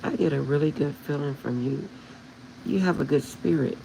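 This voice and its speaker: A woman's voice: deep voice, normal speed, creaky, warm tone, a little hiss or hum, low-quality recording. A woman hosting a spiritual livestream, talking to her viewers in a heartfelt, emotional way. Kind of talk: casual livestream chat with viewers.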